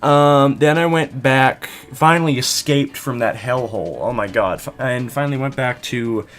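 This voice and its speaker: A man's voice: mid-range voice, moderate pace, a bit bright. Goofy rambling young man recapping a game. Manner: goofy, rambling, jumps between whispers and squeals. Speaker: gaming channel host. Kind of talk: casual video game recap.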